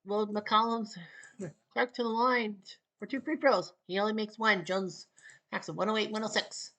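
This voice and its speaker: A medium-pitched woman from Canada provides casual solo play-by-play for a basketball video game. She delivers clipped, rapid calls with wry asides, and her excitement climbs as the end approaches.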